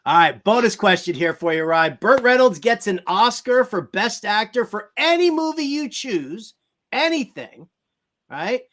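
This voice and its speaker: High-voiced playful male host. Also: sing-song, unhurried, fairly bright tone. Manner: playful, teasing, game-show style quizzing. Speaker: sports talk show host. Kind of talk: casual sports talk.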